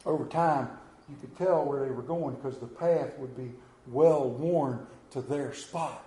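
A man's voice: mid-range voice, unhurried, warm tone, roomy sound, rough recording. A man preaching a sermon as pastor, telling stories with rising and falling emphasis.

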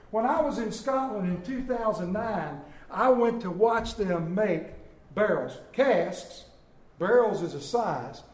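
A male pastor with a high-pitched voice delivers a sermon in an animated, folksy storytelling manner. He peppers it with rhetorical questions. The recording carries a roomy echo, as in a church. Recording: echoey room.

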